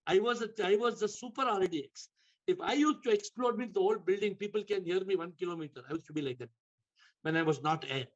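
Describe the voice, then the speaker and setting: A man's voice: sits high, fast. A man giving a spiritual talk over a video call, telling a story with emphatic repetition, in dull lo-fi call audio. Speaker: spiritual teacher.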